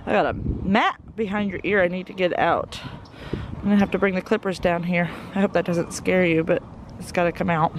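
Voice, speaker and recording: A woman in her thirties with a Southern American accent, chatting casually while doing farm chores outdoors, cooing softly to her animals now and then. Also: on the low side, steady tone, brisk, background noise. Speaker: homestead vlogger.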